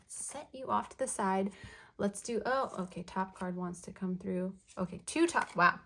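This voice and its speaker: Gentle woman giving a tarot reading. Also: medium pitch, moderate pace, creaky, a little hiss or hum. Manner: soft, flowing, affirming, repeats phrases. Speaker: tarot reader. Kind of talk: channeled tarot card reading.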